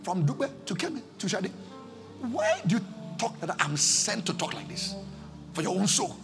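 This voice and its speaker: A Nigerian-accented man preaching a sermon as pastor, impassioned, swinging between shouts and low pleading, in a church service. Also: wildly swooping pitch, moderate pace, creaky, over loud music.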